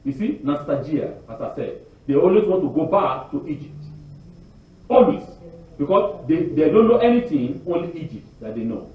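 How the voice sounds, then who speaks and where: A man preaching a sermon on the weekly Torah portion, animated, asking the congregation rhetorical questions and often repeating and restarting words. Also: a little high, normal speed. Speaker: congregation teacher. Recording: very echoey, distant, dull lo-fi.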